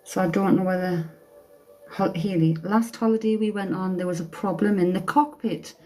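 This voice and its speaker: A woman's voice: medium pitch, fairly even intonation, normal speed, dark tone, faint music behind, low-quality recording. A woman giving a casual live-stream tarot reading as a psychic medium, chatty and blunt, swearing casually.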